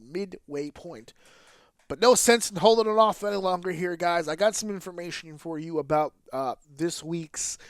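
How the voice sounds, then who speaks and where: A man's voice: on the high side, no room sound, studio quality. Candid, casually profane podcast host man. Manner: candid and casually profane, with filler words and restarts. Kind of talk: casual solo podcast commentary.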